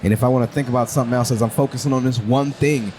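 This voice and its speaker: A male stand-up comedian guest chatting casually on a podcast, lively and quick to laugh, often acting out his own thoughts and restarting his sentences. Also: medium pitch, slight background noise. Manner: rambling with frequent restarts.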